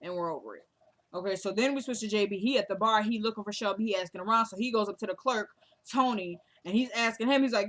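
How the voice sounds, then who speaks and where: A woman casually recaps a TV drama episode, telling the story in a chatty, loose way. She keeps slipping into the characters' lines with quick quoted asides. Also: mid-range voice, fairly bright tone. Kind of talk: casual recap, acting out dialogue.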